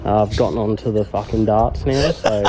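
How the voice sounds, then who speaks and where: Relaxed man, noisy voice message. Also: lowish voice, moderate pace. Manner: relaxed, hesitant with fillers, friendly. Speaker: listener calling in by voice message. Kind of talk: casual voice message. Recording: voice message with clear background noise.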